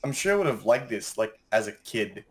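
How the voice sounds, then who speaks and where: A man's voice: fairly low pitch, big pitch swings, fairly quick, crowd noise. A man in his thirties on a casual podcast chat, rambling, sarcastic and swearing freely. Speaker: podcast co-host.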